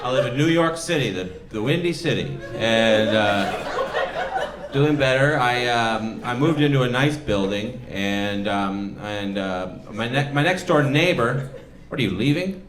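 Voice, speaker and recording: A man doing a stand-up set, rambling and self-deprecating, building to loud rants. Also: medium pitch, animated, a little slow, noisy background. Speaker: stand-up comedian. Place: comedy club stage. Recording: roomy club sound from far off. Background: audience laughter.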